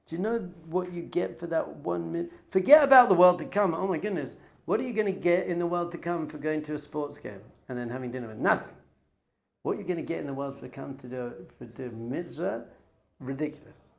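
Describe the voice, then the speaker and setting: A middle-aged rabbi speaks with a somewhat high, gravelly voice. He tells a story full of excitement, getting loud one moment and dropping to a hushed, awed tone the next. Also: normal speed. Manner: excitable, swings from loud enthusiasm to hushed awe. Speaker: rabbi and teacher.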